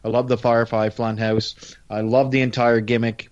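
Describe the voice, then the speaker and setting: A man talks through his opinions in casual podcast chat, emphatic and sure of himself. His pitch sits in the middle. The sound is dull and lo-fi. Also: level tone, normal speed, darkish tone. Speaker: podcast co-host.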